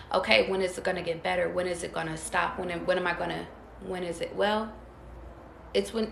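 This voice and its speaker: Gravelly, blunt woman tarot reader. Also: mid-range voice, fairly bright tone. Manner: blunt, profane and emphatic, heavy repetition. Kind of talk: casual spiritual pep talk to viewers. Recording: echoey room with faint noise.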